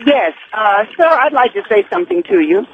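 A woman's voice: medium pitch, animated, moderate pace. Indignant woman caller on a tinny phone. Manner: indignant, lecturing. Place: phone call into radio show. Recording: tinny phone line with noise.

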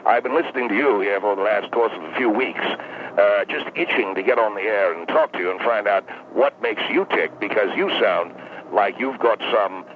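A man's voice: fairly low pitch, moderate pace, a little hiss or hum, voice pushed down, lightly acted. A man voicing a prickly, aggrieved ex-convict who calls in, talking in wordy, pompous phrases. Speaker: caller. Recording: tinny phone line.

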